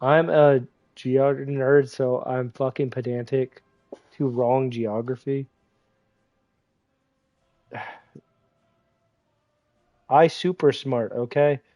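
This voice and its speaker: A man streaming a game, talking casually in a profane, excitable, teasing way, with congested sinuses. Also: mid-range voice, drawn-out words, long pauses, no room sound, dull audio. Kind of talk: casual gaming livestream commentary.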